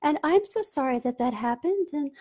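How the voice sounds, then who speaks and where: A woman voicing an eager, apologetic people-pleasing woman in a high, hurried, placating tone. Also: lively intonation, darkish tone.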